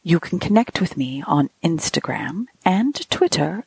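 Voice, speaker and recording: A woman hosting a podcast, reading a ghost story aloud in a measured, softly breathy way. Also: low voice, expressive, no echo.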